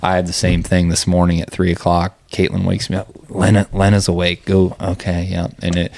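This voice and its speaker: Male host, thirties, low voice, easygoing storyteller. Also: completely flat delivery, fairly quick, gravelly, a little mellow, no room sound. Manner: storytelling, laughs often. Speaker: podcast host. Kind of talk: casual chat.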